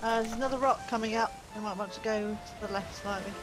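A woman teammate calmly explaining the game quest, giggling now and then. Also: mid-range voice, fast, over music. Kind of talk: casual gaming chat. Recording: noisy game chat audio.

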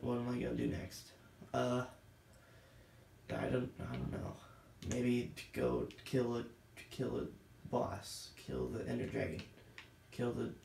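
A man rambles through his gameplay commentary in a slow, gravelly voice, losing his train of thought and mocking himself. He sounds a little winded. The recording is roomy and echoey, with a faint hiss of background noise underneath. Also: medium pitch. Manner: scattered, self-deprecating, thinks out loud. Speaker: gaming channel host.

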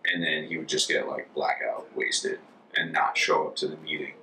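A young American man in his twenties, a former volunteer, telling stories casually in an interview, chatty and relaxed. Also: rumbling low, normal speed, slight background noise. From United States. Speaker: former Peace Corps volunteer. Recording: distant mic with faint ambience.

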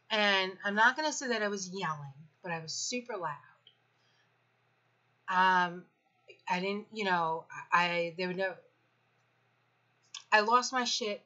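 A woman's voice: mid-range voice, pushed and bright, highs cut off. A woman in her fifties venting candidly about family life, blunt and profane with a sarcastic edge. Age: 50s. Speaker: parenting vlogger.

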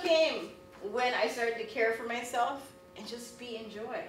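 A woman teaching artist talking casually and exuberantly about her career, with lots of animated exclamations. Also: a little high, unhurried, hardly any pauses, over music. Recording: echoey room from a distance.

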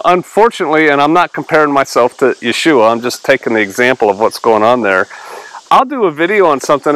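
A man's voice: medium pitch, a bit bright, rough recording. A male pastor giving a casual Bible teaching, reading verses aloud and explaining them in a conversational way.

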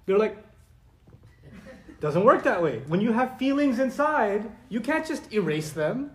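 A male preacher with a fairly high voice delivers a sermon, lively and conversational, slipping into Arabic recitation. His voice rings out in an echoey room. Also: unhurried. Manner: animated and conversational, acting out quoted voices; recites Arabic verses and sources. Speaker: Islamic preacher. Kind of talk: lecture-style sermon.

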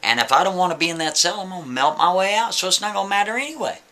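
Man voicing a stubborn arrested guy who flatly refuses, indignant and forceful. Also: high voice, very fast, pitched above the performer's own voice. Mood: defiant. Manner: indignant, insistent.

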